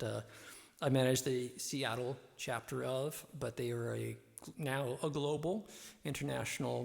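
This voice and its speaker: A man hosts a live-stream show and rambles along, his talk full of fillers. His voice has a gravelly, creaky edge. His audio is drenched in long reverb, as if he were speaking from down a hallway. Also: medium pitch. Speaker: host and musician. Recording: reverb-heavy echoey audio.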